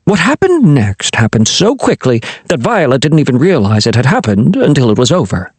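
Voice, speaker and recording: Brief: man narrator for a kids' fantasy audiobook, husky tone, very lively pitch. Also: normal speed, few pauses, dry recording. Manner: expressive storytelling. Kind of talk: scripted narration of a children's fantasy novel.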